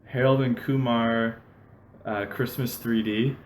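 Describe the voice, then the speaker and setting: A man's voice: medium pitch, fairly even intonation, slow pace. A man hosting a podcast, telling loose stories with constant fillers and frequent laughter in a casual chat. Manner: rambling storyteller with constant "like" fillers, laughs often. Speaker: podcast host. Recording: roomy echo, faint background noise.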